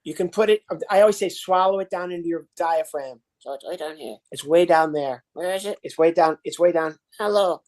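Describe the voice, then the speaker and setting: A man's voice: on the high side, fairly quick, few pauses. Playful man in his sixties. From Chicago. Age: 60s. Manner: playful, lively, slips into character bits. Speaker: guest ventriloquist and comedian. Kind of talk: casual podcast interview.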